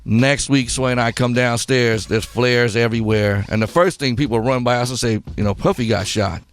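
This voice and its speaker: A man's voice: medium pitch, normal speed, clear, resonant tone. A male radio show host telling a long story on his talk show and acting out the voices in it. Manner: animated, acts out quotes, rambling.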